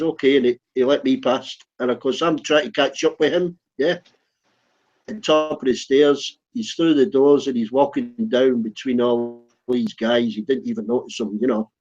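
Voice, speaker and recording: A man's voice: medium pitch, darkish tone. A man telling a funny pub story in casual chat, rambling and acting out the quotes. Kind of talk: casual chat, comic anecdote. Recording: dull lo-fi recording.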